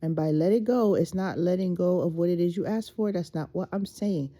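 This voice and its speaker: A woman's voice: lowish voice, brisk, warm tone. A woman who just woke up, giving a rambling, casual spiritual pep talk straight to her phone, full of fillers and self-talk. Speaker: faceless content creator.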